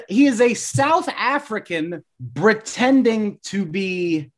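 A man's voice: sits high, lively intonation, slow. A man hosting a casual group chat over a video call, asking wry, joking questions. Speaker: podcast host.

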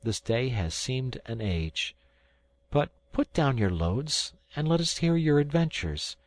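A man reading aloud who voices a calm, practical, devout mother in a gentle way. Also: medium pitch, slow pace, voice pushed up. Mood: soothing.

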